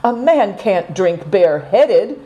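A woman's voice: medium pitch, sing-song, slow pace, dark tone, poor audio. A woman voicing a fussy, grumbling older man in a storybook, scolding and complaining.

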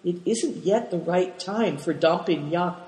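Calm plain-talking young guy read by a man, steady, high voice, echoey. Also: a little slow. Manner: simple, steady. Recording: roomy with long reverb.

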